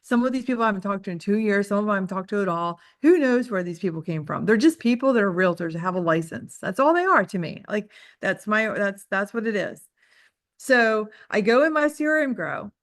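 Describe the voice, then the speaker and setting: A woman's voice: medium pitch, animated, brisk, no room sound, clean studio sound. A woman real estate trainer giving a casual group coaching talk, telling candid, self-deprecating stories with lots of "like" fillers. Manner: chatty storytelling, heavy use of "like".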